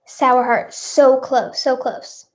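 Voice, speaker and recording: High, bubbly woman streamer. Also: steady tone, slow pace. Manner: bubbly, reads out viewers' guesses. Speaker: livestream host. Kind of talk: playful live chat with viewers.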